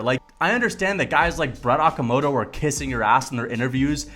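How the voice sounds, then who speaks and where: A man ranting to camera about fighters, casual and profane, with emphatic, animated delivery. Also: fairly high pitch, a little fast, faint music behind. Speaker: MMA commentary vlogger. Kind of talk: casual opinion rant to camera.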